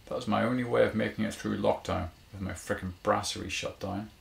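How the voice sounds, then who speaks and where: A man's voice: on the low side, steady tone, brisk, gravelly, reverberant. A man reading a story voices a down-on-his-luck male dog walker who banters wryly and turns glum. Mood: dejected. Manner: wry, joking banter, turning glum.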